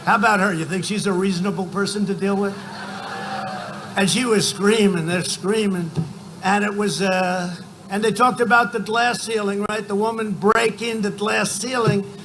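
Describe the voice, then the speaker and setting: Older male rally speaker, boastful and rambling, high bright voice, faint crowd noise behind. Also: steady tone, normal speed. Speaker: political speaker at a campaign rally. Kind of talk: rally speech. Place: large outdoor rally.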